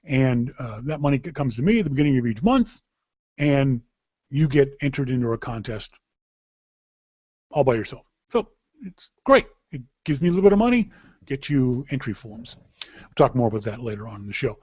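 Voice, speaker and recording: A man's voice: mid-range voice, big pitch swings, moderate pace, a little mellow, husky, no echo. Chatty Canadian man hosting a podcast. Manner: rambling, chatty, with frequent restarts and laughs. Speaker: podcast host. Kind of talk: casual chat. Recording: dull, dry lo-fi sound.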